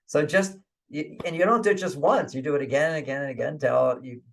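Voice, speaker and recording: A man's voice: fairly high pitch, fast talker, creaky. A man, a guest author on an interview show, giving relationship advice in a conversational way, chuckling often and repeating his points with "okay". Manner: acts out inner voices in quotes.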